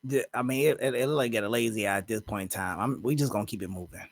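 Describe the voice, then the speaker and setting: A man's voice: mid-range voice, very fast, dry recording. A man giving casual reaction commentary on a dating show, with incredulous, wry asides that trail off.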